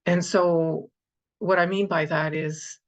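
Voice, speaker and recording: A woman sharing in a group circle, grateful and halting, with many fillers. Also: on the low side, steady tone. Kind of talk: personal share in a group circle.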